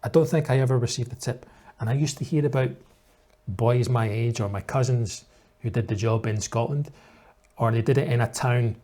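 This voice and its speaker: A man with a mid-range voice talks as an English teacher commenting on a video for learners. He explains each point patiently and clearly, in a steady teaching tone. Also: mid-range voice, normal speed.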